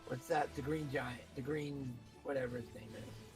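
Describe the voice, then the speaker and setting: A man's voice: mid-range voice, fairly even intonation, moderate pace, over music, poor audio. A man streaming a video game, chatting casually and at length with a co-player. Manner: rambling, chatty, talks with a co-player. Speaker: streamer playing an online game. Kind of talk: casual chat while gaming.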